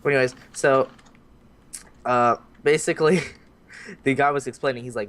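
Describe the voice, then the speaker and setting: A man's voice: mid-range voice, moderate pace, pauses often, a little hiss or hum. A young man casually telling a story on a podcast, acting out the voices of the people in it and swearing freely. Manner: animated, acts out voices in his stories, swears freely. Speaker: podcast host.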